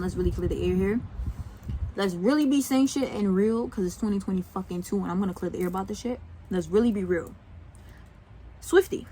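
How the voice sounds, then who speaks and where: A man's voice: high-pitched, a little hiss or hum, rough recording. A young man vlogging, venting about a breakup in a heated, sarcastic, profane way. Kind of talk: venting story-time vlog.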